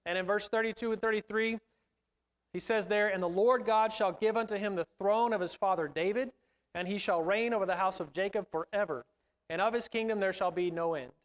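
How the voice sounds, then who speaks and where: High-voiced man teaching in an echoing hall. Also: a little fast. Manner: conversational, self-deprecating asides. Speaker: Bible class teacher. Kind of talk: Bible class lesson. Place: church classroom.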